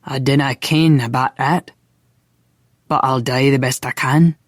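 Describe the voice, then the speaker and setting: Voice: medium pitch, fairly even intonation, a little slow, dry recording, studio quality, lightly acted. A narrator voicing a terse, protective young Scotsman with a Scottish accent. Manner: terse, clipped.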